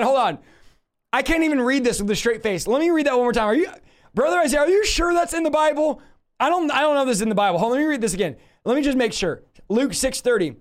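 High-voiced animated male Bible teacher. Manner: emphatic, repeats phrases for stress; animated, jokes with viewers.

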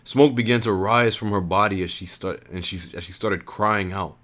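A man reads a first-person adventure story aloud in an earnest tone. His voice sits on the low side, and he often restarts and repeats lines as he goes. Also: normal speed, a bit bright. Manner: earnest, with frequent restarts and rereads.

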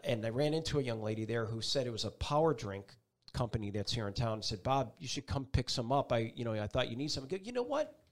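A middle-aged man, a TV meteorologist and guest, telling a personal story with feeling and acting out the people in it. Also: mid-range voice. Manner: animated, acts out voices in his story.

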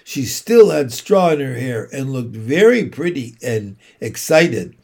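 Slow, deliberate man reading a storybook. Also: mid-range voice, sing-song, darkish tone. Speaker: narrator. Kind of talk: reading a children's book aloud.

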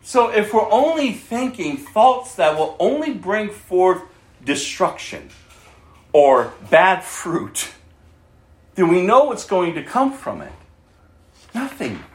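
A man's voice: sits high, wildly swooping pitch, slow, echoey room. A male pastor preaching a sermon, earnestly reading scripture aloud and chuckling often as he speaks.

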